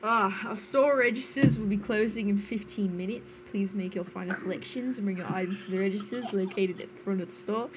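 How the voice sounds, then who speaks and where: A woman streamer voicing a polite female store announcer with a put-on New Zealand accent, speaking slowly and carefully. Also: medium pitch, very noisy, lightly acted. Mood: formal. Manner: slow, careful, half-giggling delivery.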